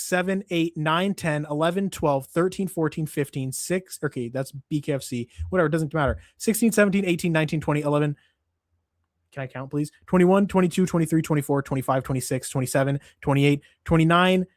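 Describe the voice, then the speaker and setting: Brief: a fed-up male stream host who swears constantly, set a bit high and recorded dry. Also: darkish tone, no echo. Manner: profane, exasperated ranting. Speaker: MMA show host. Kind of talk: casual livestream commentary.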